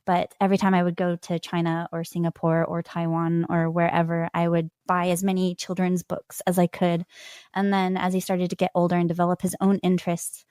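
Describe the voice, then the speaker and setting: A woman in her thirties chats as a podcast guest, her voice pitched a little low and recorded dry and close. She tells her stories with lots of animation and quick laughs, acting out what people said. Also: smooth, no echo. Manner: animated, laughs often, acts out quoted voices. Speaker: podcast guest, language learner. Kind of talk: conversational interview storytelling.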